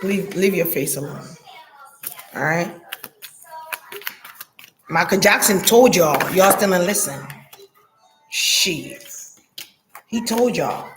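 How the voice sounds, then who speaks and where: A woman vlogging in a casual, blunt and profane monologue, talking straight to her viewers, laughing often, with lively jumps in pitch. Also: slow pace, long pauses, over music.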